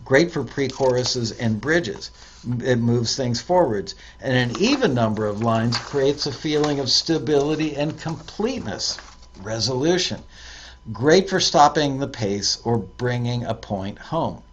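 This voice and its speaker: A man's voice: mid-range voice, expressive, a little slow, slight background noise. A man hosting a show, reading out viewer tips in a casual way, with fillers and self-corrections. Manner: reads aloud with hesitant fillers and self-corrections.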